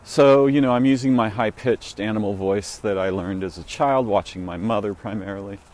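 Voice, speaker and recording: A man telling a reflective, meandering story on a walk-and-talk vlog, halting and restarting as he muses. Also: fairly low pitch, darkish tone. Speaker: vlogger. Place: outdoors, walking.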